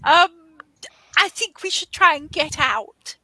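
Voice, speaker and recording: A woman's voice: high-pitched, animated, takes it slowly, pushed and bright, no room sound, voice pushed up, full character voice, poor audio. A woman voicing a nervous, chatty dungeon prisoner who rambles politely and apologizes in a tabletop game. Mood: nervously friendly.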